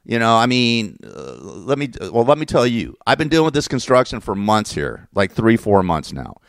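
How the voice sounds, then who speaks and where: A vlogger tells a rambling, exasperated personal story in a casual rant, cursing often and correcting himself as he goes. His voice is fairly low and creaky with a sing-song lilt, moving at a moderate pace. The recording is clean studio sound with no echo.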